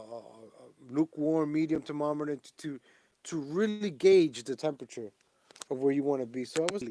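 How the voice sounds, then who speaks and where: A man's voice: on the high side, darkish tone, no echo. A man ranting animatedly in a political vlog, full of asides and restarts. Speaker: vlogger. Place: home in Pennsylvania.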